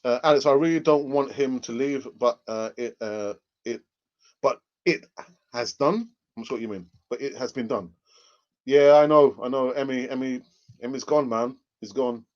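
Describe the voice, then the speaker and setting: Casual male stream host who laughs a lot and talks to his chat; middle pitch, muffled lo-fi sound. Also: normal speed. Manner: chatty, reads out viewer comments, laughs often.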